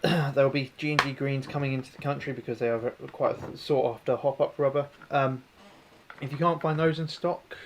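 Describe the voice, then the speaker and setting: Man in a casual tinker-and-chat livestream, rambling and self-mocking, mid-range voice, faint noise behind. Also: mid-range voice. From New Zealand. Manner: rambling, chatty, self-deprecating, answers chat. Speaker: airsoft tech livestream host. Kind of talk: casual livestream chat while working on a gun.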